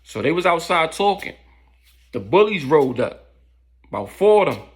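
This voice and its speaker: A man's voice: a little high, sing-song, moderate pace. A man casually telling a story in loose street slang, with lots of fillers.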